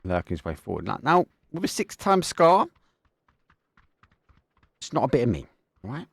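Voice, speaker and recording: A young man with an Essex accent giving live esports game commentary, excitable, with quick bursts and casual slang. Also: mid-range voice, creaky, breathy edge, no echo. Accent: Essex English. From England, Essex. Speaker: esports caster.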